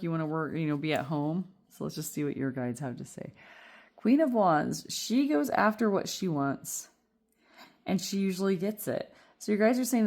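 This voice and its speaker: Woman, low voice, tarot reader, casual, reassuring, chatty. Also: a little mellow. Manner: chatty, reassuring, rambling with fillers.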